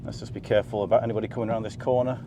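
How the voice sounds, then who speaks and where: A man presenting a car video, giving excited, chatty commentary from inside a car on a race circuit and often laughing. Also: fairly low pitch, racing. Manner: enthusiastic, chatty, breaks into laughter. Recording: loud engine and road noise. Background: car engine and track noise.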